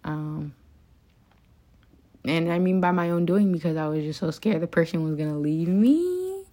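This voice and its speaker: A young woman with a notably low voice talks alone to her listeners in a raw, confessional ramble. She swears freely and leans on fillers like "like" and "um" as she vents. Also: expressive, moderate pace, mellow. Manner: profane, rambling, venting; frequent fillers like "like" and "um". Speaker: podcast host. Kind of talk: confessional solo monologue.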